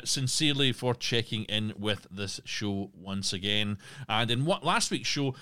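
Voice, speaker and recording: A man's voice: mid-range voice, a bit bright. A man hosting a solo podcast, talking casually with asides and restarts. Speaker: podcast host.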